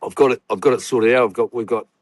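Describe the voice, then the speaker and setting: A man's voice: mid-range voice, fairly even intonation, quick pace, no echo. Rambling New man, dry sound. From New Zealand. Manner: rambling, swearing storyteller full of fillers. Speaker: guest. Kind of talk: casual chat.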